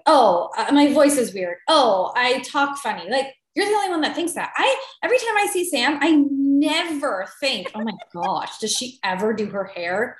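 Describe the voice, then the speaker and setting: Woman podcast co-host, casual animated chat, higher voice, roomy echo. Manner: chatty, animated, self-deprecating.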